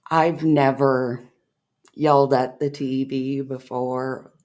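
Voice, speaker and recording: Slow, dry-toned woman co-host. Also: a bass voice, level tone, darkish tone. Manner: dry and teasing. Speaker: reaction video co-host. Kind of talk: casual reaction chat.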